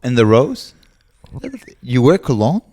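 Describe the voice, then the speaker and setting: Male comedy podcast cohost, lively swinging pitch, loose and teasing. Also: slow. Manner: loose, joking, teasing, says "listen" often. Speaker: podcast co-host. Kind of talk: casual comedy podcast chat.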